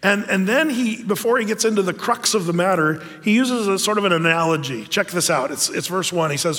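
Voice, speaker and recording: Male pastor, chatty sermon, high voice, long reverb of a hall. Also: fairly quick, hardly any pauses. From United States. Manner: conversational, animated with frequent fillers.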